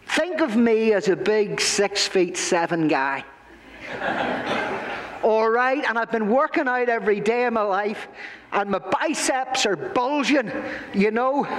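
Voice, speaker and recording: Playful male pastor telling a kids' story in church, high-pitched, long hall reverb. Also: a bit bright, a little hiss or hum. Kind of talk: children's sermon.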